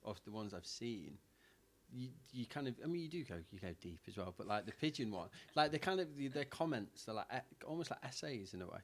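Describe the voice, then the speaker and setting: A man's voice: mid-range voice, expressive, brisk. A man, a poet and guest on a radio show, chatting casually and rambling with many restarts before reading his own poem.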